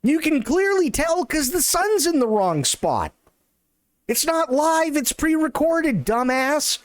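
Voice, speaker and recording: A male streamer rants in a sarcastic, swear-heavy style on a live stream, his voice pitched high and swinging widely up and down. The sound is close and dry, with no room echo. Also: takes it slowly. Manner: profane, sarcastic, animated ranting. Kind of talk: casual ranting chat.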